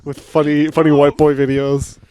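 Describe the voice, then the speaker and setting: A man's voice: a little high, completely flat delivery, moderate pace, mellow, clean tone, no room sound. A young man co-hosting a podcast, telling rambling jokey stories and swearing casually. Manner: joking, rambling storyteller, swears a lot. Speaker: podcast co-host. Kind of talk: casual chat.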